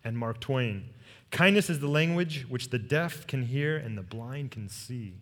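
A man preaching a sermon as pastor, telling a personal story with earnest warmth and leading the congregation in repeated phrases. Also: mid-range voice, lively intonation, measured pace. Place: church sanctuary. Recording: long reverb of a large hall.

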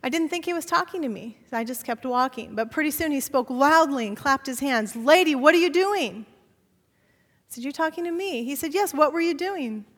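High-voiced woman pastor in a reverberant hall. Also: a little fast, few pauses. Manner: animated storytelling, acting out dialogue. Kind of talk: sermon storytelling. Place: church sanctuary. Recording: long church hall reverb.

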